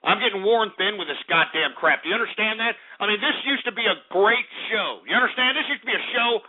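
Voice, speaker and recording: A man with a very high voice hosts a call-in radio show and rants in fury at the people phoning in. He keeps swinging into shouted, tearful outbursts. The sound is tinny and narrow, like an old phone line. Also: quick pace. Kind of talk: angry on-air rant.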